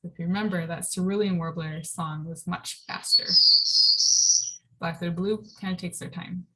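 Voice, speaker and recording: Woman, lowish voice, casual lecture over a video call, loose delivery with many ums and likes. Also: moderate pace, breathy edge. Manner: relaxed, frequent ums and likes. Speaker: birding presenter. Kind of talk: casual online slide lecture.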